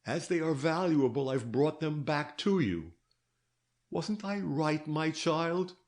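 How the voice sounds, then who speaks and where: A man reading aloud, voicing an elderly detective who speaks gently and soothingly, coaxing and fatherly. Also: fairly high pitch, animated, slow, pitched above the performer's own voice. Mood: gentle coaxing. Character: old male detective, fatherly, gentle and shrewd.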